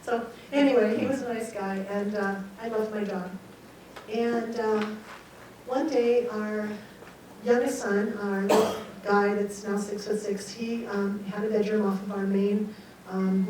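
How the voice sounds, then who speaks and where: An older woman recounts a personal story to an audience, lively and expressive, slipping into her own quoted thoughts. Her voice sits at a middling pitch and carries a heavy room echo from a mic some distance away, with faint hiss underneath. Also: a little slow. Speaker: guest speaker. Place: meeting room at a talk. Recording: very echoey hall, mic far off, faint hiss.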